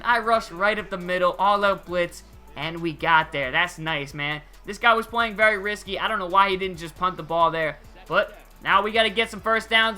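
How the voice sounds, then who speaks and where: A young man giving casual, excitable gameplay commentary over a football video game, using slang and chuckling often. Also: high voice. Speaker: gaming channel host.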